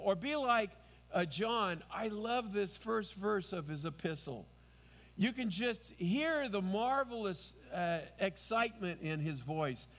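Slow, emphatic preaching man. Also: high-pitched, lively intonation, a bit bright, long reverb tail. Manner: earnest, emphatic preaching with rising exclamations. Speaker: pastor. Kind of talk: sermon.

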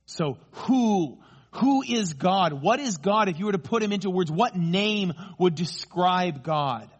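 Male pastor, fairly high voice, emphatic sermon delivery that lingers on key phrases. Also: breathy edge. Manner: emphatic, slows down for key phrases, rises in pitch when excited.

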